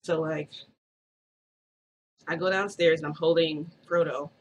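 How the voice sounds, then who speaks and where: A woman's voice: low-pitched, fairly even intonation, a little slow, highs cut off, slight background noise. A woman vlogger telling a story in a rambling, casual way, full of "like" and restarts.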